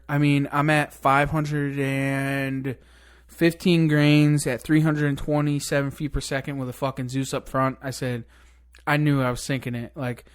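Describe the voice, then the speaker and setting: A man telling a long hunting story in casual podcast chat, excited and cursing freely. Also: mid-range voice, clear, resonant tone. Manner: excited, swears a lot, rambling hunting story. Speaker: podcast guest.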